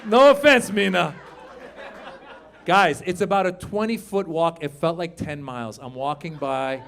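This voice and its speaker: Middle-aged man, stand-up comedy, high-pitched voice, lively storytelling, plays other characters, club stage, faint background hum. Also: moderate pace, a faint crowd. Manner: animated storytelling, acting out other people's lines.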